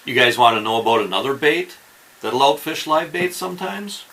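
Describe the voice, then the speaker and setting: A man's voice: mid-range voice, lively intonation, moderate pace, pushed and bright, poor audio. A man hosting a fishing channel, explaining tips in a casual instructional talk and often checking in with the viewer. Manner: chatty, keeps checking in with "okay?" and "right?".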